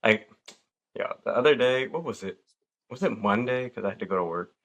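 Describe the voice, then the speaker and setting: A man in his thirties hosting a casual podcast chat, telling stories with lively acted-out quotes. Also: mid-range voice, fairly quick. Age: 30s. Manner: animated storyteller acting out quotes. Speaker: podcast host.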